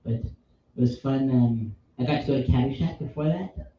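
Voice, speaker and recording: A man's voice: mid-range voice, moderate pace, warm tone, slight background noise. A man hosting a casual pub podcast, chatting enthusiastically and rambling about movies with a ready laugh. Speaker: podcast host. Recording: echoey room, distant mic, dull sound.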